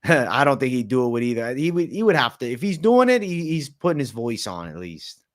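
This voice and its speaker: Brief: man, livestream host, relaxed slangy chatter, mid-pitched everyday voice. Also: a little fast. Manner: slangy, laid-back, chatty. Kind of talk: casual late-night livestream Q&A.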